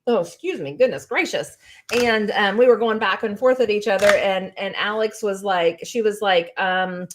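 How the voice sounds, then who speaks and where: A woman chats casually, spinning everyday stories with lots of fillers. Her mid-pitched voice sounds natural and plain. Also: normal speed. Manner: chatty storyteller with many fillers. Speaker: co-host. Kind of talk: casual chat.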